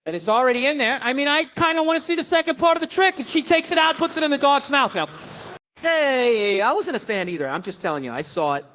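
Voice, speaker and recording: A middle-aged man doing stand-up on a club stage, telling a profane, animated story and mimicking his family. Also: very high voice, quick pace, a little hiss or hum. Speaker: stand-up comedian.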